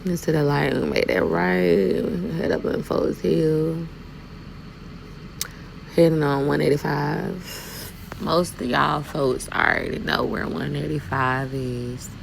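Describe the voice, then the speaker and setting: A woman's voice: sits low, expressive, slow pace, gravelly, a little hiss or hum, low-quality recording. A woman from Alabama with a Southern accent, chatting casually and sassily to viewers while driving her truck. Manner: talkative, sassy, addresses viewers as y'all. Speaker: truck driver vlogger.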